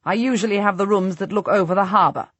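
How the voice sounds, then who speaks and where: A woman reading a calm, dignified nobleman. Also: medium pitch, fast talker, slightly rough, no echo, close to an everyday voice. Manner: matter-of-fact, demanding. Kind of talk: audiobook narration.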